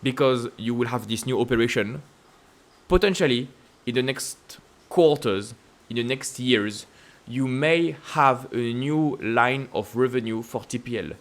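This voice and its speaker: French-accented man talking stocks. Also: measured pace. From France. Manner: emphatic, repetitive rhetorical questions with sudden upward pitch leaps. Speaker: investing channel host. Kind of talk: casual stock-market commentary to camera.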